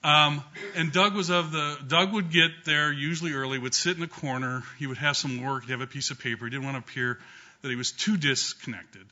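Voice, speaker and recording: Bright-voiced man telling a funny memorial story. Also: fairly high pitch, fairly even intonation, a little fast. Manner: humorous storytelling with frequent ums and restarts. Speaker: law professor giving memorial remarks. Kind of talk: anecdotal speech at a memorial gathering. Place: law school courtroom with an audience. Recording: dull lo-fi recording.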